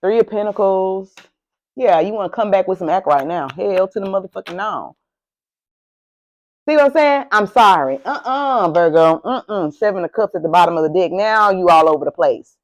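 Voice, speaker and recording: A woman's voice: medium pitch, low-quality recording. A woman doing a casual tarot reading to camera, sassy and profane, talking straight to the viewer with lots of animation. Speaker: tarot reader. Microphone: camera mic, speaking to camera.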